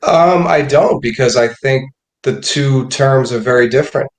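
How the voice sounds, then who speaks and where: A man who works as a counselor, answering interview questions in a thoughtful, measured way. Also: medium pitch, echoey room. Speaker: guest, rape crisis counselor.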